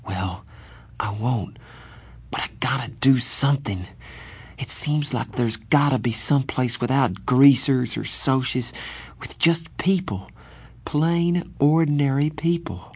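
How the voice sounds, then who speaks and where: A man reading an audiobook, voicing a scared, hopeless teenage boy who speaks in a hushed, breathy, halting whisper. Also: on the low side. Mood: hushed despair. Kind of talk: audiobook character voice.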